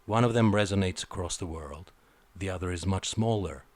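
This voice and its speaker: A man's voice: deep voice, moderate pace, no room sound. A man giving an opinionated film review, blunt and sarcastic, swearing freely.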